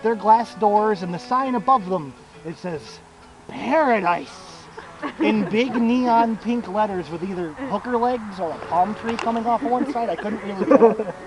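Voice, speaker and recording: A young man spins a crude, meandering story for his friends, swearing and laughing at his own humor. He talks in a high pitch at a moderate pace with few pauses, over loud music on a rough recording.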